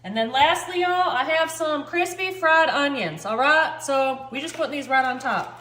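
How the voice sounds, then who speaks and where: A woman's voice: high-pitched, moderate pace, sharp tone, reverberant. A woman hosting a cooking channel, chatting casually to the camera as she cooks in her home kitchen. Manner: chatty and bubbly, says y'all often.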